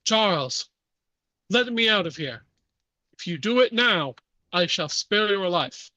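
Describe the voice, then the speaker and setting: A man's voice: high voice, animated, slow, bright, forceful tone, no room sound, full character voice. A man voicing a scheming male ghost-eating chef with a heavy French accent, muffled and bargaining. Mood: threatening. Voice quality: muffled, pleading then bargaining. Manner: wheedling, persuasive.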